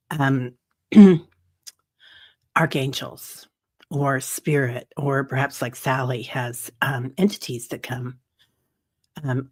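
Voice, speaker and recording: Woman, meditation host, casual livestream chat, gentle, chatty, slightly teary, streaming from home. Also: extremely low pitch, breathy edge. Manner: chatty and gentle, greeting viewers by name with frequent laughs. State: teary-eyed.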